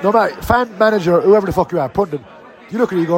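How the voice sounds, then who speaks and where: A man's voice: sits high, very fast, a faint crowd. A man giving a blunt, sweary, frustrated rant as a fan podcast host after a match. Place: outdoors and in a bar around the match.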